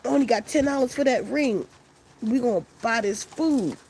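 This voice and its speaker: A little high-pitched and at normal speed, a woman relates a long story to her viewers, swearing freely and doing voices for the people in it. A faint hiss or hum sits under the audio.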